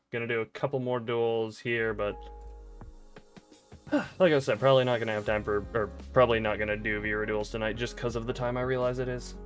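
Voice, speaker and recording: Male game streamer, casual and rambling, pokes fun at himself, smooth clear voice. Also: medium pitch, dry recording. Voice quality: playful, rambling, self-mocking. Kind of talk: casual livestream chat while gaming. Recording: dry close mic with faint game music.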